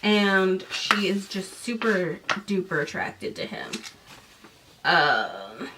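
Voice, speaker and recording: A woman in her late twenties or thirties recaps a book for her podcast in a loose, chatty way. She is sarcastic and mocking, with animated asides. Her voice sits a little away from the mic, with a faint hiss behind it. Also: medium pitch, slow, recorded from a distance. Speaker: podcast host. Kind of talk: casual book recap and commentary.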